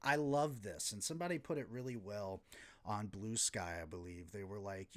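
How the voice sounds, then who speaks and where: A man's voice: on the low side, moderate pace, fairly bright tone. A man hosting a podcast, recapping wrestling casually, rambling and sarcastic, swearing often. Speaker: podcast host.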